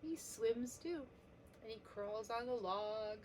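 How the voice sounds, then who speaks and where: A woman leads a preschool letter lesson, speaking slowly and gently as she sounds out each letter. Her voice sits a little high. A faint hiss runs under the recording. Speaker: children's teacher.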